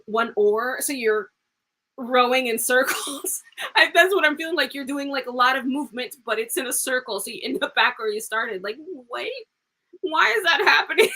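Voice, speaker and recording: A woman's voice: fairly high pitch, bright, forceful tone, rough recording. A woman in her thirties giving live psychic tarot readings, chatty and rambling, laughing often and calling viewers pet names. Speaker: tarot reader.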